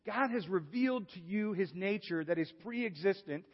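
Animated male pastor, reverberant church hall. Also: sits high, moderate pace, slightly rough. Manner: animated, swings from hushed to exclaiming. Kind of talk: sermon. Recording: dull sound with long hall reverb.

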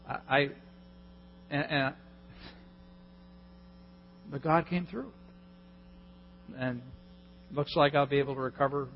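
A male pastor preaching a sermon, telling a story with lively, self-mocking humor. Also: on the high side, slow pace, vocal fry, long pauses, slight background noise. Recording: dull lo-fi recording in a hall.

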